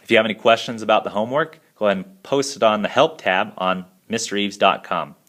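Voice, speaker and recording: A man teaching a math lesson, walking through worked problems step by step in a steady, patient explaining voice. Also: fairly low pitch, fast talker.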